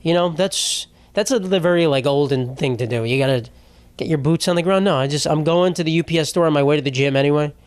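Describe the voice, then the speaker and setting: A man hosts his own comedy podcast alone, talking in a loose, meandering way and swearing freely. He often mocks himself as he goes. His voice sits somewhat high, and the close mic leaves the sound dry with no room around it. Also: quick pace, smooth, no echo. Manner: rambling, profane, self-mocking storyteller. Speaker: podcast host. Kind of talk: solo comedy podcast monologue. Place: home setup.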